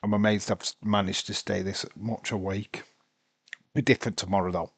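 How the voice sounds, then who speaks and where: A man's voice: fairly low pitch, little pitch movement, moderate pace, slightly rough, dry recording. A sleepy, tired man commentating a live wrestling watch-along, rambling and talking to himself. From United Kingdom.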